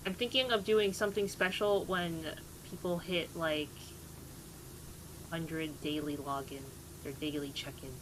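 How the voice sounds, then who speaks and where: A woman's voice: sits low, fairly even intonation, a little slow, background noise. A woman in her twenties, a streamer chatting casually with her live chat, talking about herself and greeting viewers.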